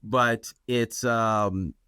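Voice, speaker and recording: A man hosting a podcast, retelling a folk tale in a rambling, animated way. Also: on the low side, extremely slow, clean tone, no echo, clean studio sound. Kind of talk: casual storytelling.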